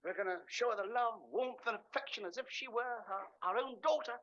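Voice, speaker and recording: A man playing a loud, boastful, bigoted middle-aged British husband in a 1970s studio sitcom. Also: very high-pitched, fairly quick. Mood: blustering. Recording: dull TV sound with studio audience laughter.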